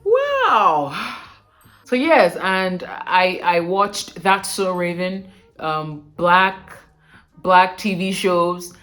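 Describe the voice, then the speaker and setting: A young woman from Nigeria with a Nigerian accent, coaching viewers on pronunciation in a casual, emphatic, animated way. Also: on the low side, drawn-out words, soft background music. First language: Bini. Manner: animated, emphatic, repeats words for correction. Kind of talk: casual talking-head lesson.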